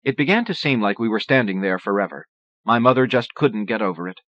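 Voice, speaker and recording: Low-voiced male audiobook narrator. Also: no echo. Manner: steady, measured reading. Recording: dull lo-fi cassette audio.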